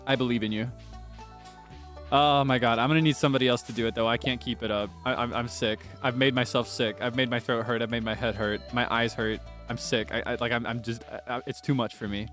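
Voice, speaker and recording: A man's voice: medium pitch, steady tone, brisk, fairly bright tone, faint music behind. Chatty male game streamer. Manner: chatty, talks straight to viewers. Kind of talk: casual gameplay stream chat.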